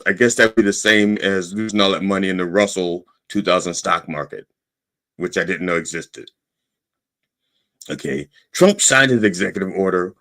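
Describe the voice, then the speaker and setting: A low-voiced man with a swooping, animated delivery rants through a satirical monologue. He is sarcastic and profane, and he keeps checking in with a pointed "okay?". It sounds like a podcast host holding forth on his own show.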